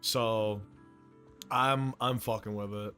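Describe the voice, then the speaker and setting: A man's voice: on the low side, steady tone, takes it slowly, sharp tone, faint music behind. A male streamer chatting casually while reacting to a game, joking crudely and laughing often.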